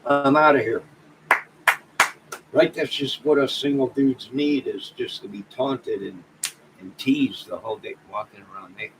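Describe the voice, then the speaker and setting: A man signs off his livestream in a loose, rambling way, joking and exclaiming as he talks to his chat. His voice sits at an ordinary middle pitch. A clear hiss of background noise runs under the home stream audio. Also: a little slow. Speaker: livestream host. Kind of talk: casual livestream sign-off chat.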